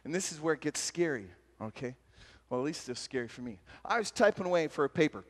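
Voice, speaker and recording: A man on stage at a retreat, talking through personal stories with a lively, self-deprecating warmth of delivery and quick laughs. His voice sits a little high, and long reverb from a large hall trails every phrase. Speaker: retreat speaker. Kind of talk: storytelling sermon talk.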